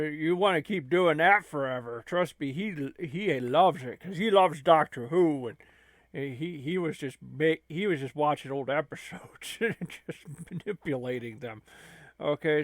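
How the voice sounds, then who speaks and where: A man's voice: on the high side, fairly bright tone, dry recording. A man hosting a gaming channel, rambling and stammering through an improvised comedy skit. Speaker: channel host.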